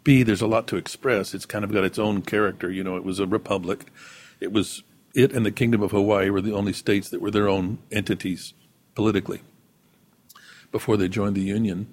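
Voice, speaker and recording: Husky-voiced man telling stories. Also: lowish voice, fairly even intonation, fairly quick, a little mellow. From Texas, US. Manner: storytelling, thoughtful, with fillers. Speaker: actor, interview guest. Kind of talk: relaxed conversational interview.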